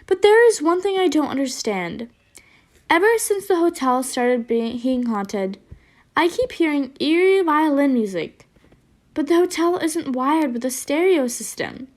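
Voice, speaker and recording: A woman's voice: high voice, very animated, unhurried, a little mellow. Woman doing a puzzled mouse electrician.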